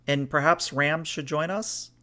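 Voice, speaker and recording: A man's voice: a little high, measured pace, pushed and bright. Man voicing a hesitant female starship officer. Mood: tentative. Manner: hesitant, tentative suggestions. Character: tense female alien officer, hushed and careful.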